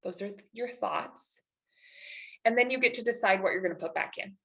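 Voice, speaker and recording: Woman, life coach, live webinar, enthusiastic, encouraging, chatty, medium pitch, computer mic. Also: brisk, creaky, fairly bright tone. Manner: chatty, with frequent "like" and "right?".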